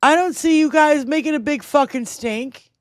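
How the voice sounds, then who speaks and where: A woman's voice: high-pitched, normal speed, no echo, clean studio sound. A woman co-host ranting in a heated casual chat, furious and swearing heavily. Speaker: podcast co-host.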